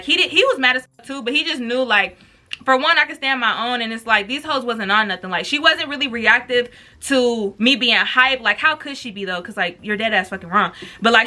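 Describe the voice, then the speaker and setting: A young woman tells a wild story to her camera. She talks in a loose, slangy, swearing way and acts out the quotes. Her voice sits high, with a very bright, sharp edge. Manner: animated, profane, slangy storytelling with acted quotes. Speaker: vlogger. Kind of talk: storytime with mukbang.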